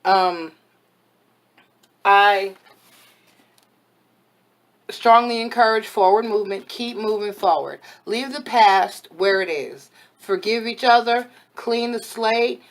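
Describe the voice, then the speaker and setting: A woman's voice: mid-range voice, takes it slowly, pauses often. A woman giving a casual tarot reading to camera as a spiritual advisor, frank and chatty, her voice a little worn from overuse. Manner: frank, chatty, blunt and motherly advice.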